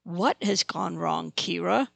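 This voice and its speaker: Frantic queen in an audiobook, read by the narrator with a gravelly voice. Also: mid-range voice, takes it slowly, a bit bright, dry recording, heavily acted. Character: frantic queen, adult woman.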